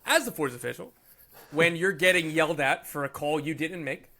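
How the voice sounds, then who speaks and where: A man's voice: a little high, moderate pace, pushed and bright. A man co-hosting a casual podcast interview, asking playful questions and laughing often. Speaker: podcast co-host.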